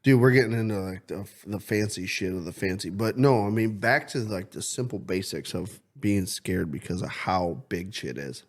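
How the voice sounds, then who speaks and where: A man co-hosting a podcast, telling stories in excitable casual chat and swearing often. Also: deep voice, normal speed, hardly any pauses. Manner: excitable storyteller, swears a lot. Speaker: podcast co-host.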